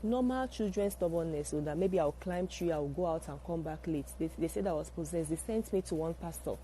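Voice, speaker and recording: A woman gives a personal testimony in a fairly low, mellow voice. She speaks in a measured, recounting way. A faint background hiss runs under the speech. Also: rough recording.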